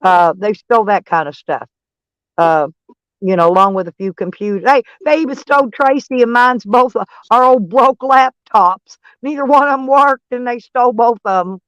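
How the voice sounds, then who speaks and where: A woman's voice: a little high, moderate pace, a bit bright, clear, resonant tone, no echo, poor audio. A woman hosting a casual livestream chat from her van, blunt and crude, laughing often. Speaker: livestream host.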